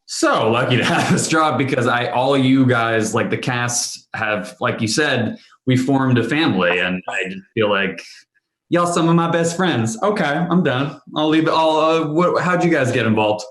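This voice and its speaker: A man's voice: medium pitch, expressive, normal speed, a bit bright, roomy sound. A man chatting casually on a panel, telling a story in a rambling, self-interrupting way with bursts of laughter. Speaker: panel guest, actor. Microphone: video call.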